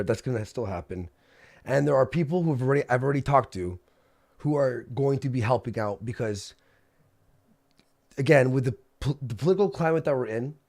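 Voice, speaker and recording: A man's voice: mid-range voice, a little mellow. A man ranting angrily on a livestream, agitated and swearing, often repeating himself. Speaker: streamer. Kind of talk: angry livestream rant.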